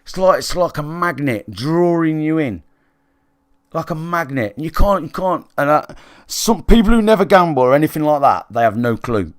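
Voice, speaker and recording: A man's voice: fairly high pitch, lively intonation, moderate pace, no echo, studio quality. Blunt, sweary British man talking to chat. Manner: blunt, sweary, conversational, checks in with listeners. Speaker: gaming livestreamer. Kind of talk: candid storytelling to live chat.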